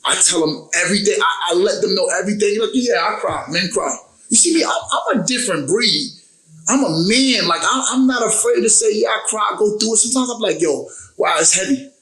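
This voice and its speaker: Young adult man, emphatic and emotional, bright tone, roomy echo. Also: high-pitched, fairly quick. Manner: emotional, emphatic, repeats phrases. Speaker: guest recording artist. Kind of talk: casual interview talk.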